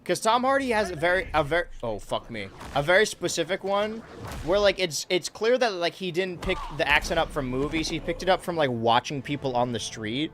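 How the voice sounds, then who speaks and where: A man's voice: a little high, lively intonation, a little fast, fairly bright tone, a little hiss or hum. Rambling, swearing male game streamer. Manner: rambling, swears freely, reads chat aloud. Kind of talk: casual let's-play commentary.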